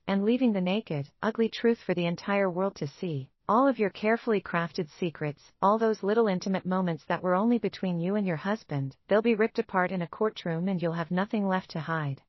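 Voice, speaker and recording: A woman's voice: lowish voice, normal speed, hardly any pauses, no echo, lo-fi sound, natural voice. A woman narrator voicing a cool, intimidating female lawyer with an English accent. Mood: cold. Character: crisp sharp English woman lawyer, cutthroat.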